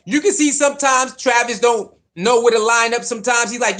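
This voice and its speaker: Man, high voice, animated sports rant, repetitive, preachy. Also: a little fast, few pauses. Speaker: sports commentator. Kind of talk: heated casual sports rant.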